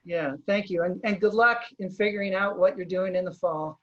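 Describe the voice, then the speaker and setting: A man with a fairly high voice hosts a video call interview, thinking aloud and often stopping to restart his sentences. His voice comes through dull and lo-fi. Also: moderate pace. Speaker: host.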